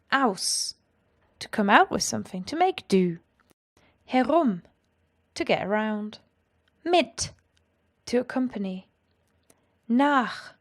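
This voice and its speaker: A woman explaining grammar in a clear, patient lesson. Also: a little high. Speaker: language teacher.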